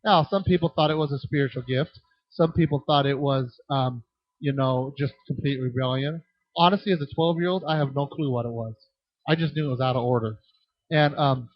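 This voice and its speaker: A man with a fairly high voice leads a children's ministry workshop and fields questions from the audience. He talks in an animated way and often restarts his sentences. The recording is dry and dull, like a lo-fi conference tape. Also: no room sound. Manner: animated, acts out voices in anecdotes, frequent restarts.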